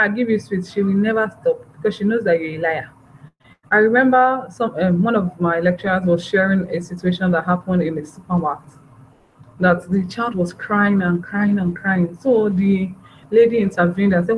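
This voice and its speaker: A woman giving a parenting workshop, talking earnestly and repeating her phrases. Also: fairly low pitch. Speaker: parenting trainer. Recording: dull, slightly noisy recording.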